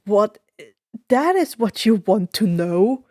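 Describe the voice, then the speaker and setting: A woman's voice: mid-range voice, very animated, slow pace, darkish tone, dry recording, studio quality. A woman voicing a skeptical ancient Greek sailor in a fan fiction reading, puzzled and wry.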